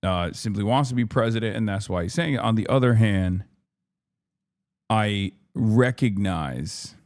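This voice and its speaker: A man's voice: lowish voice, measured pace, darkish tone. A man ranting in livestream commentary, exasperated and profane, repeating himself for emphasis. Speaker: streamer reacting to news.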